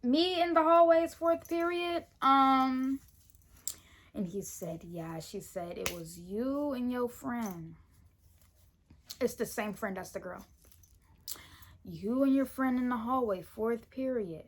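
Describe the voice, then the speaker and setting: A teenage girl from Florida, telling a school story in casual storytime style, animated and indignant as she acts out the dialogue. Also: a little high, takes it slowly, pauses often, husky. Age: teens.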